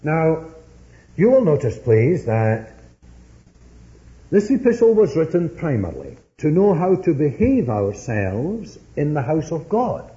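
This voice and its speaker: A man's voice: on the high side, sing-song, measured pace, mellow. A man preaching a sermon, telling stories earnestly and pressing his points with rising emphasis. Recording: dull lo-fi sermon recording.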